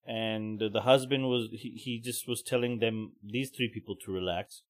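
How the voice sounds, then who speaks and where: A man hosting a podcast, giving profane, heated, mocking commentary. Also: medium pitch. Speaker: podcast host. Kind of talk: ranting commentary.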